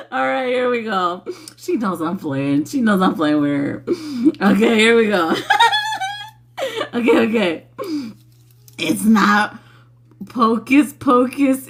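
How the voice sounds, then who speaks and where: A young woman in casual livestream chat who keeps breaking into giggles and swears without a second thought. Her voice sits a little high and swings all over the place, yet she takes her time between words. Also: vocal fry, a little hiss or hum. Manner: laughs constantly, giggly and profane.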